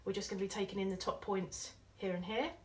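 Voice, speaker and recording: A woman chats playfully while she does a client's makeup, walking through each step. Her voice sits at a middling pitch and comes from a little way off the mic, with faint noise behind it. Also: fairly even intonation, quick pace, distant mic. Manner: chatty, playful, giggly asides. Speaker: makeup artist. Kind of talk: casual tutorial chat while working.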